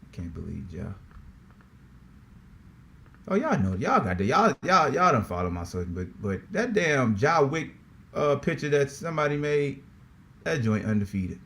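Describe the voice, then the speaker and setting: A man hosting a sports podcast in a casual, slangy, animated way, often repeating himself. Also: medium pitch, moderate pace, vocal fry, pauses often. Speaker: podcast host.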